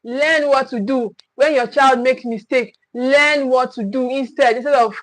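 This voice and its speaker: A woman's voice: high-pitched, fairly even intonation, measured pace, no echo, rough recording. A woman gives a livestream parenting talk. She speaks earnestly, repeats her points and acts out what parents say. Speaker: parenting coach.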